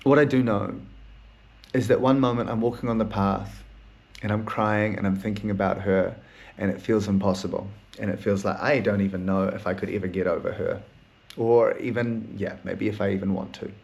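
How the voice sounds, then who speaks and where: A man's voice: on the low side, fairly even intonation, normal speed, gravelly, a little mellow. A man hosting his own podcast in a candid solo monologue, melancholy, rambling and swearing a lot, laughing now and then as he talks. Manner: rambling, heavy swearing, laughs through sad talk. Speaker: podcast host; therapist.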